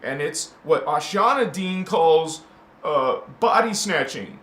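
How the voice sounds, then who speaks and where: Brief: slow, bright-toned male spiritual host, rambles into shouting, echoey room with faint hiss. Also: on the high side, animated, soft background music. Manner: rambling, swings from hushed musing to shouting. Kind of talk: impassioned spiritual talk.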